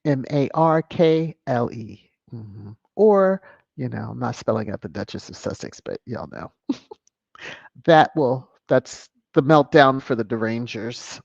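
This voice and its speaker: Brief: host, casual livestream chat, lively whoops, dry and dull lo-fi sound. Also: unhurried, vocal fry, slightly rough, no room sound. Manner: animated, with sudden high whoops and chuckles. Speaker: channel host. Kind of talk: casual livestream chat, reading viewer comments.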